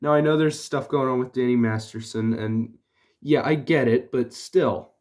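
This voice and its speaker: A man's voice: medium pitch, normal speed, a little mellow. Man giving a rambling casual review. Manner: rambling, full of "like" and restarts. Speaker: TV show reviewer.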